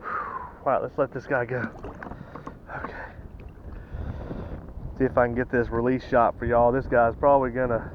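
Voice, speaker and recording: A man fishing from a kayak outdoors, talking to the camera with excited, repeated exclamations and out of breath. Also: mid-range voice, moderate pace, pauses often, background noise. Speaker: kayak angler. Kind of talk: excited on-the-water fishing commentary. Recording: dull lo-fi camera audio.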